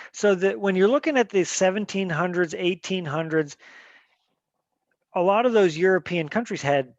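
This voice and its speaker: A man's voice: fairly high pitch, no room sound, highs cut off. Teacher man giving a loose lecture. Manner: conversational, many fillers and restarts, asks students questions. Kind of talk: classroom lecture.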